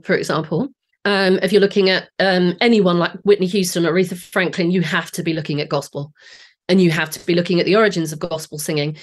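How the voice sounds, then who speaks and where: A woman in her late forties with a Southeast English accent, a singing teacher guest explaining her ideas with enthusiasm and frequent restarts. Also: lowish voice. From Southeast England. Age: 40s. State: voice a bit off today. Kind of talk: podcast interview.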